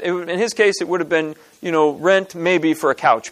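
Higher-voiced man giving a teaching talk. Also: fairly even intonation. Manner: conversational, halting restarts, frequent throat clearing, rhetorical questions. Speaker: speaker at a church teaching session.

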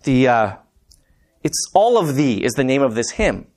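A man's voice: medium pitch, sing-song, unhurried, darkish tone. A man preaching a conversational sermon, telling stories and calling the congregation "guys". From Montana. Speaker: preacher and math teacher.

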